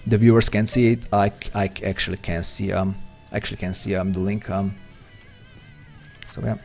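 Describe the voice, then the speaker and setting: A man's voice: lowish voice, fairly even intonation, moderate pace, gravelly, a little mellow, faint music behind. A man from Slovenia with a Slovenian accent, chatting hesitantly and rambling as he commentates his own poker stream. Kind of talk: live-stream commentary while playing.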